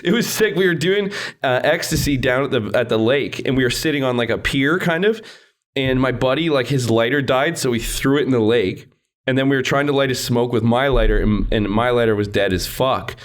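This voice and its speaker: A man's voice: medium pitch, a little fast. A young man hosting a podcast, telling rambling, profane stories and laughing at himself in casual chat. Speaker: podcast host.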